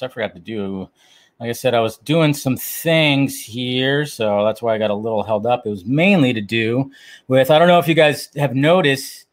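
A man hosting a livestream in loose, casual chat, greeting viewers by name and swearing now and then. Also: mid-range voice. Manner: loose and chatty, reads out viewer names. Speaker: livestream host.

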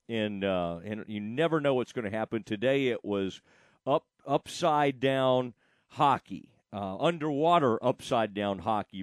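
A man's voice: medium pitch, dry recording. A man hosting a radio show, chatting casually and teasing his co-host with lots of questions.

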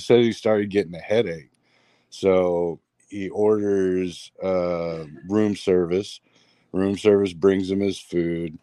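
A man's voice: sits low, no room sound. A man telling a strange story in a rambling, casual way, full of fillers and restarts. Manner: rambling, filler-heavy, animated retelling. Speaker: guest storyteller.

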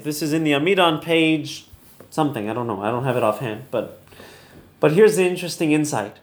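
A man's voice: on the high side, expressive, a little fast, echoey room. A man teaching an online Torah lesson in a casual, chatty storytelling manner, laughing easily.

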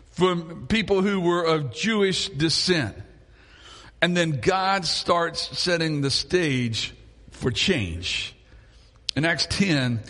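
A man preaching a sermon as a pastor, telling the story in an animated way and chuckling often. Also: fairly high pitch. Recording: long hall reverb.

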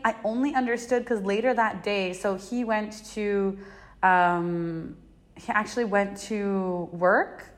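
A young woman hosting a podcast, talking through a personal experience in a rambling, emotional way, full of filler words and swearing, her voice jumping high when she exclaims. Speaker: podcast host. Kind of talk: personal confessional talk.

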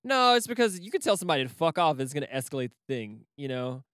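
A man's voice: fairly high pitch, big pitch swings, fast talker, a bit bright, clean tone, no echo, clean studio sound. A man co-hosting a casual podcast chat, rambling, swearing freely and laughing often. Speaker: podcast co-host.

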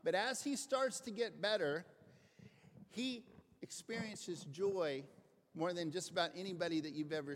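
A man preaching a conversational, earnest sermon in a church. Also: sits high. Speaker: pastor. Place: church sanctuary. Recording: echoing hall, faint noise.

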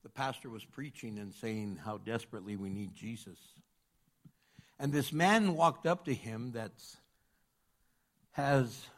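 A pastor preaches a sermon in an animated medium-pitched voice, jumping between loud outbursts and quiet asides as he acts out the people in his stories.

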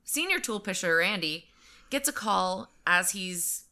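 A woman's voice: medium pitch, animated, measured pace, bright, forceful tone. A woman co-hosting a podcast in casual chat, retelling a story and acting out quotes in silly voices. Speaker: podcast co-host.

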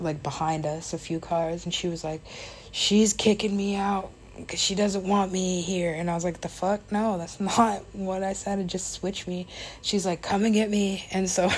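A woman's voice: lowish voice, a little mellow. A young woman casually telling a personal story, rambling with lots of fillers, laughing and swearing along the way.

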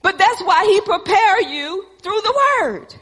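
A woman's voice: very high-pitched, animated, a little slow. A woman preaching a sermon, emphatic and repetitive, calling out to her congregation. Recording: reverberant hall.

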